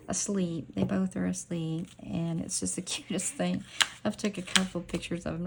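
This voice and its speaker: A middle-aged woman chatting casually at home while doing nail art, rambling and dropping into soft whispers as she works. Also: medium pitch, vocal fry, a little hiss or hum. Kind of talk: casual chat while stamping nails.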